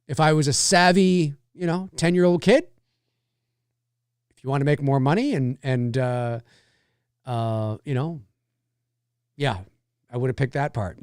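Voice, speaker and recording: Brief: chatty stream host, man in his forties, slightly high voice, dry close sound, rambling delivery. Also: a bit bright, clean tone, no echo. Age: 40s. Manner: rambling, loose, many fillers and restarts. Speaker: live-stream host answering chat. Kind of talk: casual chat.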